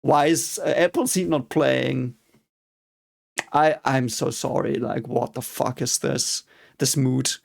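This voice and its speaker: Speaking slowly in a creaky, mid-range voice, a young German man with a German accent reacts to an anime episode for his video. The commentary is casual but frustrated, peppered with frequent swearing and bursts of mock cheering.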